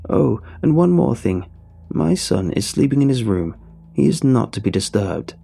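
A man's voice: medium pitch, sing-song, moderate pace, vocal fry, mellow, husky, soft background music, full character voice. A man voicing a shrewd, shriveled elderly woman who squawks and rambles. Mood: squawking, rambling.

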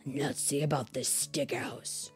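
A woman doing a hesitant, soft-spoken wolf. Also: a bass voice, fairly even intonation, slow, soft background music, voice pushed down. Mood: advising. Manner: soft, hesitant, often whispered. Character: big hungry male wolf, gentle and unsure.

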